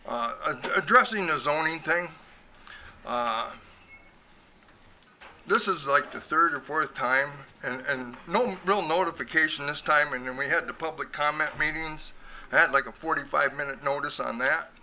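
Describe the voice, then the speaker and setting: A man's voice: on the high side, normal speed, pushed and bright, a little hiss or hum. A man giving public comment at a city meeting, blunt and frustrated, a little out of breath and repeating himself. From Michigan. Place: city council chamber.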